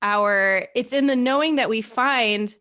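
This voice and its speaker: Animated woman podcast host telling a story. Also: a little high, a little slow. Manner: animated, lively storyteller with many fillers. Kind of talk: casual storytelling in a podcast interview.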